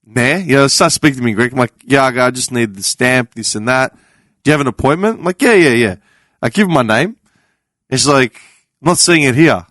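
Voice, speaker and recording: Telling a story to his fellow podcast panelists, an Australian man is casual and animated, performing the characters' parts, dropping casual swears and laughing frequently. He speaks quickly at medium pitch, and the studio-quality audio has no room sound.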